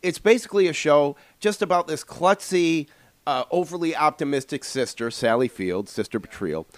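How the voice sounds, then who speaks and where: This podcast host has a slightly high voice and talks at a normal speed, with no room sound. He rambles through a story in an animated, casual way, dropping plenty of filler words.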